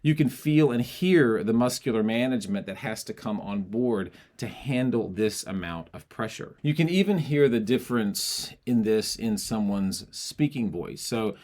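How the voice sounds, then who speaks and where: Low-voiced male voice teacher explaining. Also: lively intonation, moderate pace, hardly any pauses, a little mellow. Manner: explanatory, with sung and spoken demonstrations. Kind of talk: singing lesson.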